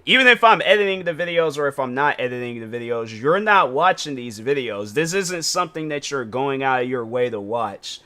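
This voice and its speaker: A man's voice: mid-range voice, animated, brisk, hardly any pauses, sharp tone. A man streaming and reacting to a video, rambling and incredulous, full of fillers and restarts. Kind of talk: casual reaction stream commentary.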